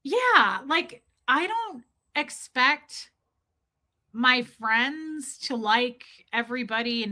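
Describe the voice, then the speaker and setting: Her voice a little high and pushed bright, a woman streamer chats candidly and casually with her audience. She drops swear words easily and greets chat viewers by name partway through her stories.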